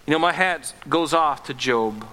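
A man preaching a sermon as pastor, earnest, swinging from impassioned pleading to low, gentle tones. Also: normal speed, in a large hall.

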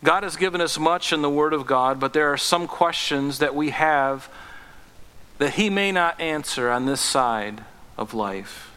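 A man preaching from the pulpit with a bright, forceful voice pitched a little high. He pleads with rising intensity, then sinks to a soft, gentle hush. His voice rings out with the long reverb of a church hall. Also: a little slow, clean tone. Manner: earnest, rises to impassioned pleading then drops low and gentle. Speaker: pastor. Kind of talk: sermon.

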